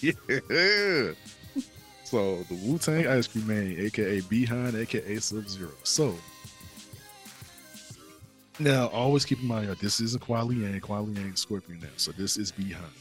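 A man's voice: on the low side, unhurried, a bit bright, faint music behind. A man co-hosting a podcast, casually retelling a game's story in slangy talk and acting out the characters' lines. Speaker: podcast co-host.

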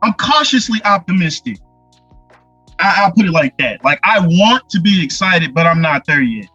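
A man co-hosting a podcast in casual chat, laid-back and measured. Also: high voice, lively intonation, pushed and bright, husky, dull audio, soft background music. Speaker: podcast co-host.

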